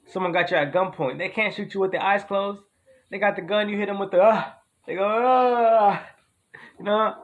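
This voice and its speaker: A man's voice: fairly high pitch, fairly bright tone, highs cut off, a little hiss or hum. A man performing a comedy sketch dialogue, trading slangy, profane street banter.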